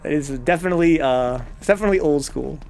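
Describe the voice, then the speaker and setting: A man streaming a video game, talking casually with animated, profane, rambling rants. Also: a little high, quick pace, creaky, clear, resonant tone. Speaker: gaming streamer. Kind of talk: casual let's-play commentary.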